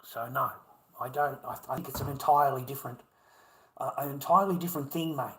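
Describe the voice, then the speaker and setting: A man's voice: medium pitch, quick pace, a bit bright, poor audio. A middle-aged man with an Australian accent, rambling through a profane livestream monologue and calling his viewers mate.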